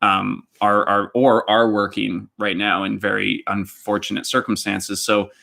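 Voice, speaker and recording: A man's voice: on the low side, level tone, measured pace, vocal fry, pushed and bright. A laid-back Canadian man co-hosting a casual home livestream. He rambles loosely, stopping and restarting his sentences and filling gaps with ums and likes. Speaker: livestream co-host.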